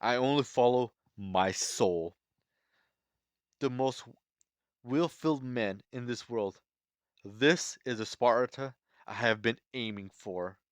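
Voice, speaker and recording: Man doing a gruff, defiant spartan king, lowish and dry, reading from a comic. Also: takes it slowly, long pauses, dry recording, close to an everyday voice. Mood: grim resolve.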